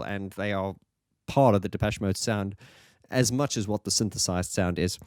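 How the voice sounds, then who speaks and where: A man's voice: lowish voice, normal speed, a little mellow, clean tone, no echo, studio quality. A man reviewing an album in a casual, enthusiastic, rambling monologue.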